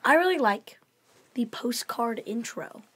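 Bubbly woman cohosting a podcast, higher voice, giggles a lot. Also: animated, measured pace, breathy edge. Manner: bubbly, giggly, acts out scenes loudly. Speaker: podcast co-host. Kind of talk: casual chat.

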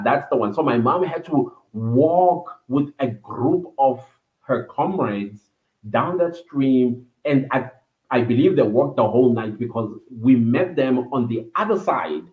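A man's voice: medium pitch, animated, unhurried. Man, livestream storytelling, meandering, fillers, echoey room. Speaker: vlogger hosting a livestream. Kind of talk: personal storytelling. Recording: echoey room over a tinny phone-like line.

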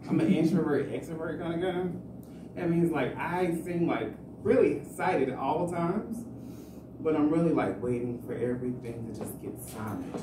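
Rambling man doing open mic stand-up. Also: a little high. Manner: rambling, self-mocking, laughs at own jokes. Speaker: stand-up comedian. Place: small comedy club stage. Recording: roomy club sound from far off, faint noise.

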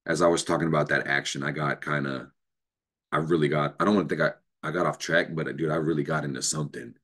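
A man's voice: extremely low pitch, fairly even intonation, fast talker, fairly bright tone, slightly rough. A man hosting an astrology show, giving an unscripted motivational talk, emphatic and profane, with bursts of laughter.

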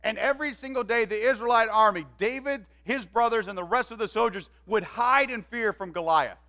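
A man preaching a sermon, retelling a story in an animated way and acting out its voices. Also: sits high, brisk, faint music behind. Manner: animated, acts out quoted voices. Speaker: pastor. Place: church.

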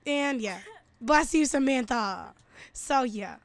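High-voiced giggly woman gaming. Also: lively intonation, slow. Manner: giggly, chatty, calls her friend "girl", sing-song chanting. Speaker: gameplay video host. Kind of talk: casual gaming chat.

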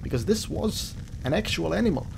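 A man's voice: on the high side, expressive, a little fast, vocal fry, noisy background. Man joking through a horror game. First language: Croatian. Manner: jokey, rambling, talks to the game. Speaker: let's play gamer. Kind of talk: casual gameplay commentary. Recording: game music behind.

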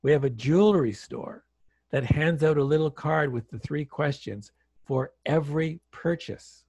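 Gravelly, husky man telling stories. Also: fairly high pitch, unhurried, no room sound. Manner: animated storyteller acting out dialogue. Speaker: guest speaker. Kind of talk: storytelling talk. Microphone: online call.

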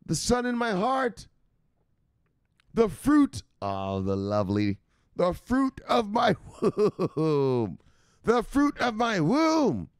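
A man's voice: high-pitched, wildly swooping pitch, slow pace, clear, resonant tone, dry recording, studio quality, voice pushed up, exaggerated voice. A man voicing a doting older mother who fusses and scolds her grown son in a sing-song manner.

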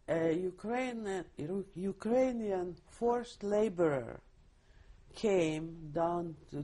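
An older woman speaks in a mellow, husky tone. She tells her story vividly, often restarting her sentences, as in a recorded oral history interview. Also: lowish voice. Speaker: Holocaust survivor giving testimony.

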